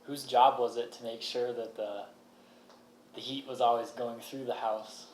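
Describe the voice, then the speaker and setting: A male interviewer asks short, plain questions about family life. His voice sits at a medium pitch, and he keeps his delivery simple and direct. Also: fairly even intonation, measured pace, a little mellow, rough recording.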